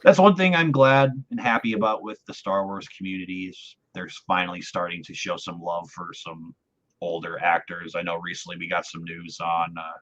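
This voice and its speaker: A man's voice: low-pitched, steady tone, normal speed, fairly bright tone. A man hosting a podcast, chatting casually and enthusiastically as a fan. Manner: enthusiastic, talkative. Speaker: podcast host. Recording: dull lo-fi audio.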